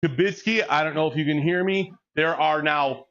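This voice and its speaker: Forties male vlogger, raunchy jokester, slightly high voice, muffled gym recording. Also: slow. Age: 40s. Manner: crude, joking, laughs often, excitable storytelling. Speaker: fitness vlogger. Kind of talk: casual chat between sets. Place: gym during a workout. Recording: dull lo-fi recording.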